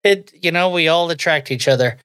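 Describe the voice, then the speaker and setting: A man's voice: fairly high pitch, a little fast, a bit bright, clean tone, dry recording, clean studio sound. A man co-hosting a podcast, trading crude jokes full of swearing and laughing a lot. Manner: profane, joking, laughs often. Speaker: podcast co-host. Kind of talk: casual crude podcast banter.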